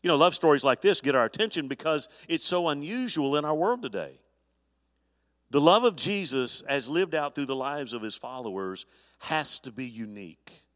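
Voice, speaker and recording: A man's voice: fairly high pitch, lively intonation, normal speed, fairly bright tone. A middle-aged man, a pastor, preaching an earnest sermon, often restarting his sentences as he talks. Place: church sanctuary. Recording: long church reverb.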